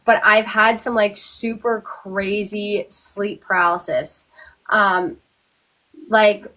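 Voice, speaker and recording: A woman's voice: mid-range voice, steady tone, slow, bright, forceful tone. A young woman hosting a casual live chat, telling a spooky personal story with lots of fillers and restarts. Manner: chatty, lots of likes and ums, restarts. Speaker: host.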